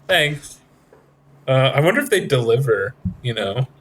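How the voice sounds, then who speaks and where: A man's voice: medium pitch, very animated, measured pace, a bit bright. A man hosting a podcast, rambling in casual chat with lots of fillers and jokes. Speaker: podcast host.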